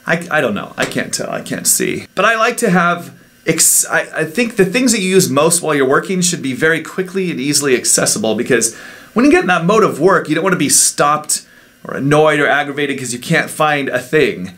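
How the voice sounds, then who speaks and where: A man's voice: a little high, expressive, fairly quick, fairly bright tone. Chatty man rambling about his desk. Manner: rambling, chatty, self-interrupting. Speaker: vlogger. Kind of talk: casual unscripted vlog. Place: home office in a house in the woods. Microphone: desk microphone.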